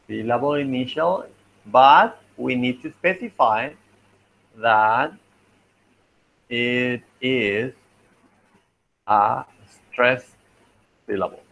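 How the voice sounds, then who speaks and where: A man teaching a linguistics class, talking slowly and thinking aloud as he works through examples. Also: medium pitch, vocal fry, fairly bright tone, highs cut off. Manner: slow, thinking aloud while writing, frequent "okay" and "let me see". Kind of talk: online class lecture.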